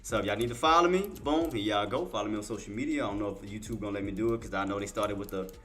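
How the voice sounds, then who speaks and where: A man's voice: on the low side, racing, a bit bright. A man hosting a live day-trading stream, talking emphatically to his chat and repeating himself, at times getting emotional as he thanks viewers. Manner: turns tearful and heartfelt thanking viewers. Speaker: livestream day-trading host. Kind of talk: live market commentary to chat.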